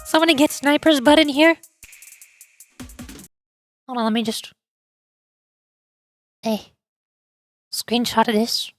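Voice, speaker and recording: High-voiced woman streamer, playful and melodramatic, close dry mic, faint music. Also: slow, long pauses, no room sound. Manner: playful, dramatic, sighing complaints. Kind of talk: casual game-stream chat.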